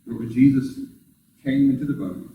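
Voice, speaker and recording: A man preaching a sermon as pastor, talking to the congregation in a conversational way with rhetorical questions, and jumping up high in pitch when he acts out quoted voices. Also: normal speed, narrow, tinny audio, slight background noise. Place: church sanctuary. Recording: very echoey room, voice far from the mic.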